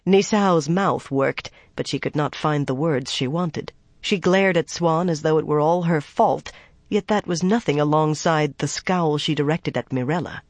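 Brief: steady fiction narrator, middle pitch, dry booth recording. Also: no room sound. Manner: measured, even storytelling. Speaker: audiobook narrator. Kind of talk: scripted narration.

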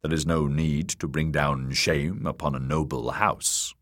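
A man voicing a smooth, scheming male lord protector who speaks in a cold, measured, commanding way. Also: very deep voice, steady tone, a bit bright, full character voice. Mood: conciliatory. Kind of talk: audiobook character voice.

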